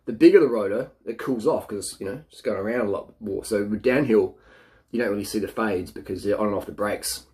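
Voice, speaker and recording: Middle-aged aussie bloke, low-ish voice, blunt and a bit cocky giving bike advice. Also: male voice, a little fast, a little mellow. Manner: blunt, boastful, mimics people in a mocking voice. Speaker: cycling vlogger. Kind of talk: casual advice monologue.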